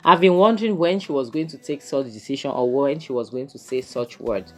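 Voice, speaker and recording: A young woman with a Nigerian accent talks casually to her viewers as she recaps and judges a drama episode. Her voice sits low, and she leans on filler phrases as she goes. Faint music plays in the background. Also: fairly quick. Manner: chatty, lots of "you know" and "to her it was more like". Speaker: vlogger reviewing a series. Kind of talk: casual video commentary.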